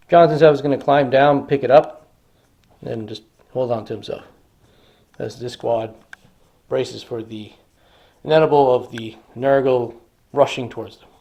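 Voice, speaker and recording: A man's voice: mid-range voice, a little mellow, a little hiss or hum. Enthusiastic man narrating a tabletop battle. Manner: enthusiastic, dramatizes the action. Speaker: hobby wargamer. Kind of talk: casual battle report narration.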